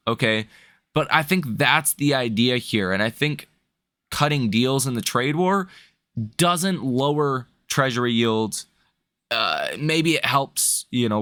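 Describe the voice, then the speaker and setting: A man's voice: medium pitch, bright, forceful tone, dry recording. A man hosting a stock market video, reading news headlines and then giving his own blunt opinions in a casual way. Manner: talks in restarts and asides like "right?" and "okay?".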